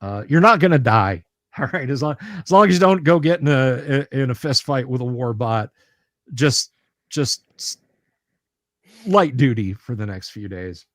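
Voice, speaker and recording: A man's voice: medium pitch, lively intonation, moderate pace, fairly bright tone, no room sound, clean studio sound. A man running a tabletop game on a livestream, talking in a casual, friendly way and often repeating words as he goes. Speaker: game master.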